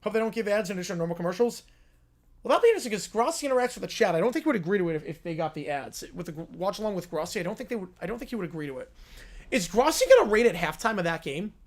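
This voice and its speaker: A man hosting a live sports reaction stream, musing aloud in quick rambling talk. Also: sits high, lively intonation.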